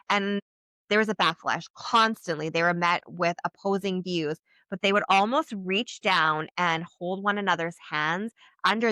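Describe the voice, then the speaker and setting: A woman's voice: mid-range voice, pushed and bright, no echo. A woman giving a channeled spiritual reading in a casual, flowing way, full of restarts and filler words. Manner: flowing, earnest, many likes and trailing restarts. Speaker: psychic channeler.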